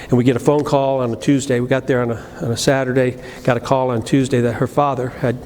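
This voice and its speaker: A middle-aged man preaching a sermon, telling a personal story, moving between loud emphatic lines and low quiet asides, with frequent restarts. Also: level tone, fast talker. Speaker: pastor. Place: church sanctuary. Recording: live church recording with long reverb and faint room noise.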